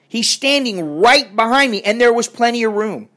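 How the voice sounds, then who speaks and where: A man's voice: very high-pitched, expressive, moderate pace, a bit bright. An older man ranting in a crotchety, profane and rambling way as he talks to his viewers. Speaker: vlogger. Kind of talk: casual rant to camera.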